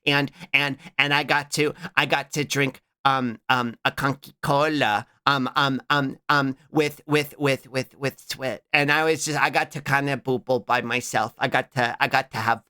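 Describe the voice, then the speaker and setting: A man hosting a live stream, chatting casually to viewers, halting with repeated fillers and restarts, greeting viewers by name mid-story. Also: mid-range voice, fairly even intonation, bright, forceful tone, smooth. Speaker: livestream host.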